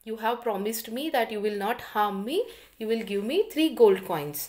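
A woman's voice: on the high side, fairly quick, a little mellow, lightly acted. A woman doing a frightened, pleading man in a children's tale. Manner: pleading, anxious.

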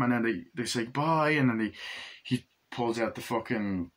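A man's voice: medium pitch, moderate pace. A man casually reviewing a film for his vlog, enthusiastic and swearing freely as he acts out scenes. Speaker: movie reviewer.

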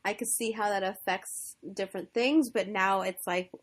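A woman's voice: mid-range voice, fairly even intonation, moderate pace. A woman hosting an interview in a chatty way, laughing often and saying "like" a lot. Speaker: host. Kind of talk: casual interview chat.

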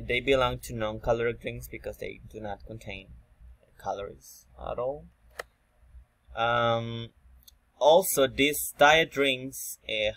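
Slow man, filler-heavy explainer. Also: mid-range voice, a bit bright. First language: Spanish. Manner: frequent "okay" and fillers, repeats himself. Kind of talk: informal explanatory video talk.

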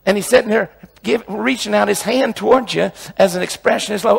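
A man's voice: high voice, brisk, vocal fry, husky. A male preacher teaching a sermon in an emphatic way, often repeating phrases and restarting his sentences.

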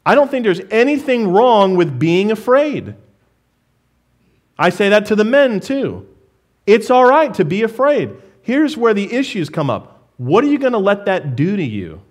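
A man's voice: high voice, expressive, normal speed. A male pastor preaching a sermon to his congregation in church, talking to them earnestly and directly.

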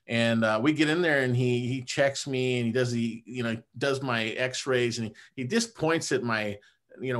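Male chiropractor guest, mid-pitched, chatty storyteller, animated and informal. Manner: animated, conversational, drops "man" and "you know" often. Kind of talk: casual personal storytelling.

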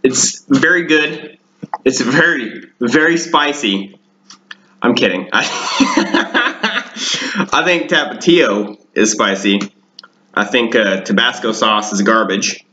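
Deadpan man with a bright voice, echoey room. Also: mid-range voice, takes it slowly, slight background noise. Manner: deadpan, darkly joking, rambling. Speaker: home cooking show host. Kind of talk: casual cooking vlog. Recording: echoey room, dull lo-fi sound.

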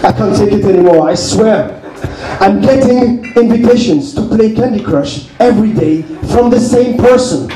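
A man performing a stand-up comedy set, with deadpan asides, on a club stage with a handheld mic and the audience laughing behind him. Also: high-pitched, moderate pace, music in the background, a crowd in the background. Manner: deadpan, reads messages aloud with playful asides. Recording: echoey club with noise.

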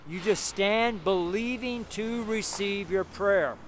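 A male street preacher delivers a fervent sermon outdoors and acts out the scripture scenes in character voices. His voice sits a little higher than most men's, and faint city traffic hums behind him. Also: slow.

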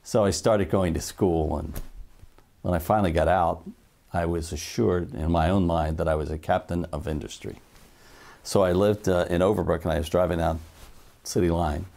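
Older man, deep gravelly voice, mellow tone, animated anecdotal storyteller for an interview. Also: normal speed. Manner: lively anecdotal storyteller, acts out quotes. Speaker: interviewee, former TV newsman. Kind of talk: storytelling in an oral-history interview.

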